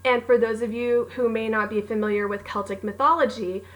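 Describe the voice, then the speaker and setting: A woman's voice: fairly high pitch, steady tone, fairly quick, fairly bright tone, low-quality recording. A young adult woman who is an author, chatting casually about favorite books with bubbly, gushing enthusiasm and acting out her own reactions. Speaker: author and book vlogger. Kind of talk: casual book recommendation vlog.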